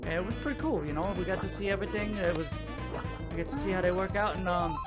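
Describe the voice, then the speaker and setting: A man's voice: high-pitched, fast talker. Rambling man with a South Louisiana accent. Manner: rambling, loses his train of thought. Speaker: gaming show host. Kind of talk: casual chat while playing a video game. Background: game music.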